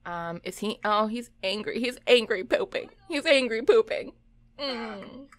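A woman's voice: on the high side, very animated, slow pace, no room sound. A young adult woman hosting a let's play, giving chatty, giggly commentary and talking to her game characters. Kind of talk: casual gameplay commentary.

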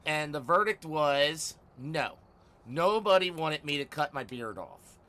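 A man live-streaming a game from home, chatting casually with viewers, teasing and swearing, often bursting out loudly. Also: fairly high pitch, expressive, unhurried. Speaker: livestreamer.

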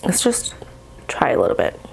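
A woman chatting casually to her viewers while she cooks, bubbly and excitable, recorded on a camera mic in a home kitchen. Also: moderate pace, in a whisper, rough recording. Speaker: mukbang vlogger. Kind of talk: casual vlog chat while cooking.

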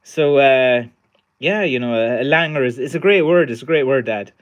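A middle-aged man from Ireland hosts a casual livestream about stick making, talking at a normal speed in a mid-range voice. He sounds tired and rambles, with plenty of fillers and restarts.

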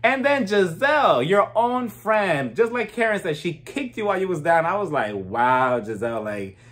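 A man's voice: high-pitched, big pitch swings, normal speed, fairly bright tone. A man giving a casual, chatty recap of a reality show, gossipy and often breaking into laughter. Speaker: reality TV reviewer.

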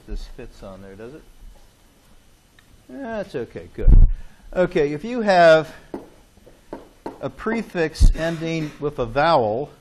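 A man's voice: a little high, slight background noise. A man lecturing a chemistry class in a classroom, chatty and joking, often checking in with "okay?". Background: students in class.

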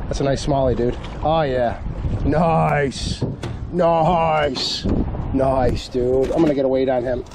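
A man's voice: medium pitch, slow pace, noisy background. Laid-back man coaching on a river canoe. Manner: relaxed coaching, says "dude" and "man". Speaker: fishing channel host. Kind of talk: casual chat while fishing.

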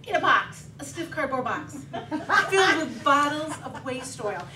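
Woman, high-pitched, lively comic speech, echoey hall, distant mic, noisy background. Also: a little slow. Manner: lively, animated storytelling with laughing asides. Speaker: contest speaker. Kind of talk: humorous storytelling speech. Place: meeting hall with audience.

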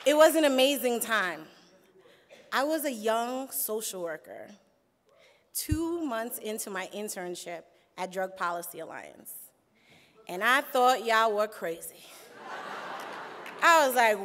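A woman's voice: on the high side, expressive, measured pace, bright, forceful tone. Sassy young woman in a hall. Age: young adult. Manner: sassy, playful, laughing often. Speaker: conference speaker. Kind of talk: animated speech to a crowd. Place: large conference hall. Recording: reverberant hall with crowd.

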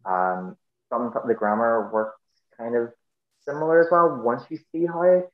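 A man's voice: medium pitch, a little slow. A man with a Northern Irish accent, a podcast guest in casual conversation, explaining patiently with lots of fillers and restarts. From Northern Ireland. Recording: roomy, dull lo-fi sound.

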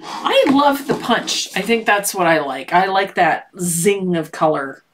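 A woman's voice: mid-range voice, expressive, a little slow, background noise. A middle-aged woman teaching a live painting lesson, explaining steps in a playful, teasing way with frequent laughter. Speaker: painting instructor.

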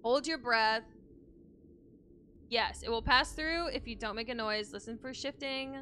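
Young streamer girl, kinda high voice, swears a ton, jumpy, slow drawl. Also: sharp tone, a little hiss or hum. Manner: profane, jumpy, talks to chat. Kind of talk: horror game let's play. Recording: game music behind voice.

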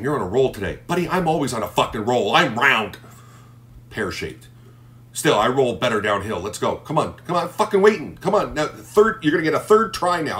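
A man's voice: medium pitch, a bit bright. A man hosting a livestream roast, brash and mocking, cursing constantly. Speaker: livestream host. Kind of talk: profane roast livestream chat.

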